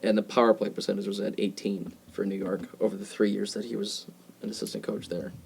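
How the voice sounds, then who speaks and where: A man co-hosting a sports podcast, reacting quickly with jokey asides in casual chat. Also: lowish voice, flat delivery, gravelly, a little mellow. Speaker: podcast co-host. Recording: faint background noise.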